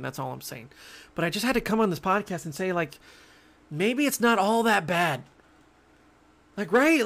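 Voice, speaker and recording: A man's voice: high-pitched, gravelly. A young man hosting his own sports podcast, talking casually and jokingly with lots of stammered restarts. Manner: animated, rambling, joking, frequent stammered restarts. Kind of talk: casual solo sports talk.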